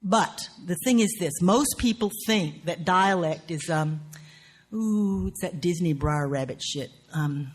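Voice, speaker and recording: A woman with a Southern US accent giving a writing workshop lecture in a salty, profane, animated way, laughing often. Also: fairly low pitch, unhurried, husky.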